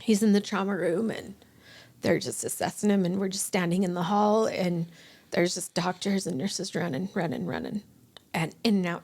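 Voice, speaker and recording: Emotional woman with a creaky voice. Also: on the low side, fairly even intonation, darkish tone. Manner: halting, with restarts and acted-out quotes. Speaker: guest. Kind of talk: emotional personal storytelling.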